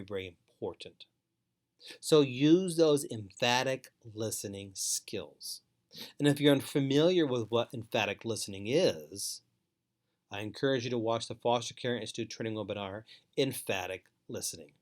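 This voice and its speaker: Measured man giving parenting instruction. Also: mid-range voice. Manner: measured, emphatic, repeats key points. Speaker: foster care trainer.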